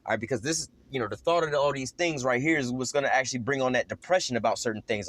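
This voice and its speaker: A man's voice: mid-range voice, quick pace, few pauses, fairly bright tone, no room sound. A man giving a casual scripture lesson, talking conversationally and peppering his speech with "man" and "you know.". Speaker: lay preacher.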